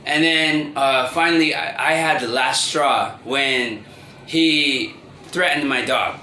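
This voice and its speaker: A man in his thirties speaking a rambling, halting confessional monologue as a vlogger. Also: medium pitch, sharp tone. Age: 30s. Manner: rambling, halting, with many restarts and fillers. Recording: roomy echo with faint ambient noise.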